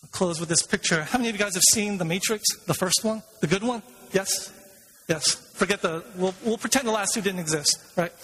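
Husky high-voiced male preacher, hall echo. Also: fairly quick. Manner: engages the congregation with questions; retells a film scene with lively storytelling. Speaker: pastor. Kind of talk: sermon. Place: church sanctuary. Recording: long reverb of a large hall.

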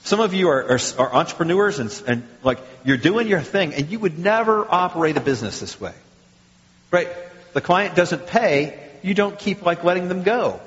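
A male pastor giving a sermon, with lively rhetorical questions and acted quotes. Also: high voice, moderate pace. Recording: muffled sound with long hall reverb.

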